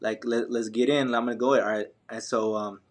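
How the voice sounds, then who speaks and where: On a podcast, a young ultramarathon runner relates a running story in a loose, slangy style, full of fillers and false starts. He speaks a bit quickly in a lowish voice with fairly flat intonation.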